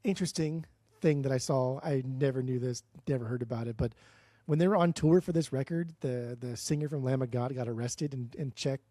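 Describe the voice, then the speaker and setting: A man's voice: medium pitch, a little fast, dark tone, no room sound, studio quality. A man co-hosting a podcast in casual chat, enthusiastic and swearing a lot, often calling his co-host dude. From United States.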